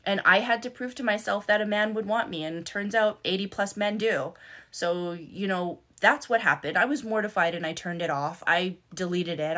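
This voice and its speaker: A middle-aged woman, a life coach and content creator, tells her own story on a live stream in a lowish, bright, forceful voice. She's candid, swears freely, and repeats words for emphasis.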